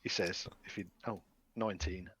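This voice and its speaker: Bright-voiced joking man. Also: deep voice, fairly even intonation, moderate pace. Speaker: player. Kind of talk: casual tabletop game chat. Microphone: home microphone on a voice call.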